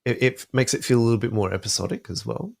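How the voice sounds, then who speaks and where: A man's voice: medium pitch, quick pace, vocal fry, no room sound, studio quality. A young adult man with an Australian accent, chatting thoughtfully about film music as a podcast guest, with many fillers. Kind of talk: casual podcast discussion.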